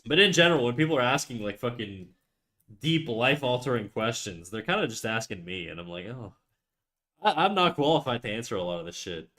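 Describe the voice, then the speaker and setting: A man's voice: medium pitch, big pitch swings, fairly quick, pushed and bright. Young Canadian male streamer with a Canadian accent, casual and profane, talking to chat while drawing. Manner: loose, joking, swears often. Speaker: live-streaming artist.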